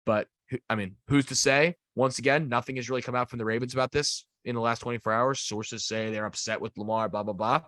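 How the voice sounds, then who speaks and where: A man's voice: fairly low pitch, no room sound. Young guy rambling about sports on a podcast, lots of likes and you knows, dry close sound. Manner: rambling, filler-heavy, animated. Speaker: podcast co-host. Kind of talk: casual sports chat.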